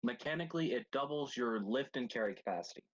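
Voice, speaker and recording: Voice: medium pitch, expressive, fast talker, muffled recording. A player at a tabletop game who teases the others and explains the rules. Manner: dry, teasing, rules-minded. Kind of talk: casual tabletop play.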